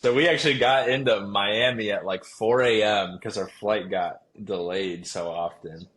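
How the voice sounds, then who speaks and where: A young man talks loosely in a podcast interview, his voice sitting on the low side. He rambles, restarts sentences and leans on fillers as he thinks aloud. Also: steady tone, normal speed, fairly bright tone. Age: young adult. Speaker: guest, pro baseball player. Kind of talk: casual interview chat.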